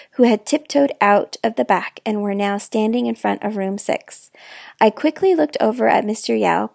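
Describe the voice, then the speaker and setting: A woman reading a children's novel aloud in expressive first person, with dramatic hushed moments, close to the mic. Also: on the high side, gravelly, no echo. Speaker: storyteller. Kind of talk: children's book read-aloud.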